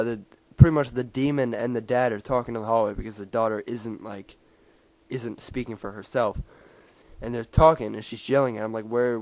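Male reviewer, casual and rambling, full of fillers and restarts, mid pitch. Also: dry recording. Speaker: movie reviewer. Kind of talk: casual spoken movie recap.

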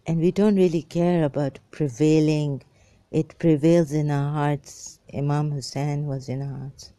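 A woman's voice: deep voice, steady tone, measured pace, mellow, no room sound. Woman reading verses and rambling on about them, lots of uh and like, super dry recording. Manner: rambling, with many fillers and restarts; reads verses aloud and comments on them. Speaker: religious commentator. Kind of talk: informal religious talk.

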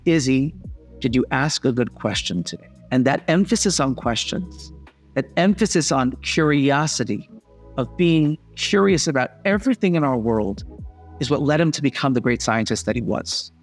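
A man hosting a podcast, giving a reflective spoken lesson in an earnest, measured tone. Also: mid-range voice, lively intonation, faint music behind. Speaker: podcast host and father.

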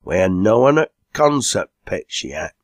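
A man voicing an excitable, loud old drinking man who talks in a raised, boisterous voice. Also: a little slow, no echo. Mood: rowdy. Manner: boisterous, raises his pitch and voice.

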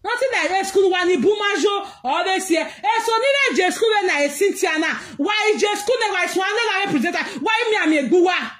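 A Nigerian woman ranting in vlog commentary, mixing pidgin and English, laughing through her words and shouting out bursts as she scolds. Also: extremely high pitch, normal speed, few pauses. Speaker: social media commentator.

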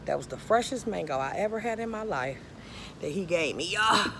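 A woman's voice: lowish voice, expressive, fairly quick, noisy background. A woman, vlogging casually in a chatty, dramatic, self-mocking way, out of breath. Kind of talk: casual vlog talking to viewers. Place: outdoors by a pool.

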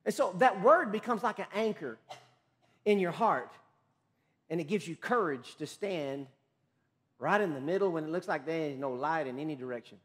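Preaching from the pulpit, this pastor speaks expressively at a normal speed. His delivery moves from booming emphasis to hushed, low lines, with frequent mid-phrase restarts.

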